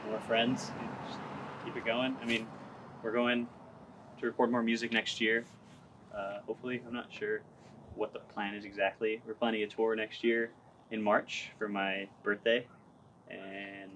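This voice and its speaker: Young male band singer for a casual interview: low voice, easygoing, rambling, faint room noise. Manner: laid-back, rambling, laughs often.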